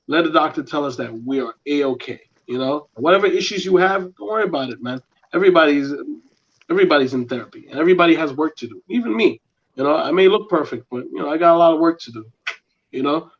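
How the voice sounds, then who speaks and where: A man co-hosting a podcast in casual chat, speaking earnestly and haltingly with many fillers. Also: a little high. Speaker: podcast co-host. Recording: dull lo-fi sound.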